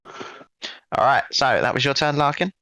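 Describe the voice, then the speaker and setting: A man narrating as game master of a tabletop game, with a bright, forceful tone. His voice is close and dry, with no room sound, and he keeps the scene light with playful jokes. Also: mid-range voice, measured pace, dry recording, low-quality recording. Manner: describes events playfully, jokes with players.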